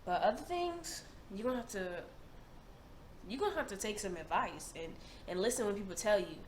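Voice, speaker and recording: A woman's voice: medium pitch, expressive, fairly quick, darkish tone. A young woman in her twenties, hosting a reaction video in casual chat, emphatic and slangy, often repeating herself. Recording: roomy echo, faint noise.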